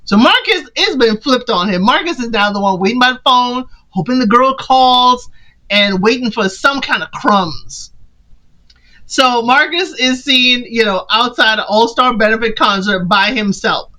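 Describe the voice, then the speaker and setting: A woman recaps a film in a casual, playful way, slipping in and out of the characters' voices as she quotes them. Her voice is bright and sits a little high. She jumps lively from line to line, with lots of colour. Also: unhurried, rough recording. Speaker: podcast host recapping a film.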